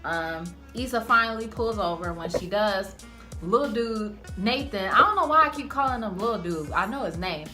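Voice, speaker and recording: A woman's voice: mid-range voice, moderate pace, faint music behind. A woman giving a casual, slangy, profane recap of a TV episode as a channel host. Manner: animated, slangy, profane storytelling. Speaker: TV show reviewer.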